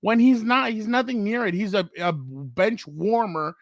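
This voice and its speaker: High-voiced man telling animated stories. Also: measured pace, no echo, clean studio sound. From United States. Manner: animated storyteller acting out quotes. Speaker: co-host. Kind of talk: casual sports chat.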